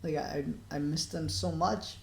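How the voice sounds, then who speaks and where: A man talking quietly to the camera in a personal video diary, halting and subdued, with many pauses and restarts. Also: on the high side, fairly even intonation, vocal fry. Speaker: vlogger. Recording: echoey room.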